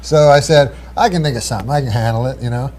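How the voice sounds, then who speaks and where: Male guest storyteller: rambling, restarts, mid-pitched. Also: fast talker, darkish tone. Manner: meandering, full of "you know" and restarts. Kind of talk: rambling anecdote on a talk show.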